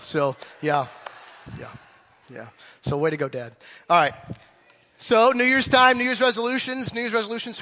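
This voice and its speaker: A man in his thirties preaching in a large church, energetic and joking, asking the crowd questions. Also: sits high, in a large hall. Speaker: pastor. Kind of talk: sermon.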